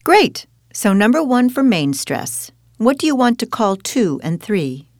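A woman guides a scripted pronunciation lesson with encouraging questions. Her intonation is lively and expressive. The recording is dry and close. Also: a little high, a little slow, no room sound. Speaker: teacher in a dialogue. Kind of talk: scripted teaching dialogue.

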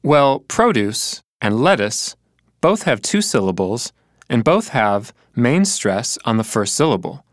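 A man talks through a scripted teaching dialogue at an unhurried pace. He pronounces each word with care, and his voice rises and falls expressively. The recording is dry and close. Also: medium pitch, sing-song, no room sound. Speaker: language learner in a dialogue.

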